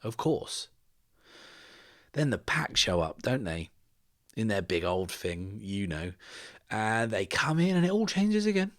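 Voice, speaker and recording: A man's voice: on the low side, big pitch swings, a little slow, pauses often, a bit bright. A man narrating a solo tabletop game as host, thinking aloud in a casual way.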